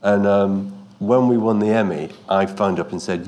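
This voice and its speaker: A man, a producer speaking on a panel in a halting, chatty way and laughing often. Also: fairly low pitch, a little mellow. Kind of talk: panel talk.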